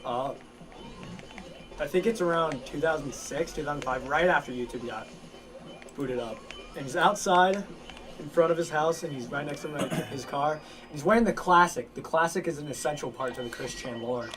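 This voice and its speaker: Rambling man with a higher voice. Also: over music. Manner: rambling, halting, many fillers and restarts. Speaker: lore storyteller among friends. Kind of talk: casual chat.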